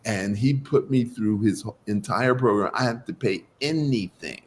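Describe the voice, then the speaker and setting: A man's voice: lowish voice, unhurried, a little hiss or hum. A man, a guest doctor of Chinese medicine, telling his story in an interview and acting out the dialogue in it. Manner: animated, acts out quoted dialogue.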